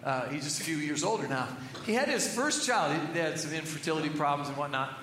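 High bright-voiced preacher in echoey hall. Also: male voice, expressive, quick pace, a crowd in the background. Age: middle-aged. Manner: earnest, conversational storytelling that drops to hushed tones for emphasis. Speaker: pastor. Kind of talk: sermon. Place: church sanctuary. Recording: echoey hall reverb with faint ambience.

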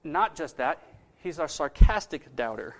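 In a conversational sermon, a man keeps asking his listeners questions. He speaks unhurriedly, in a very animated, slightly high voice.

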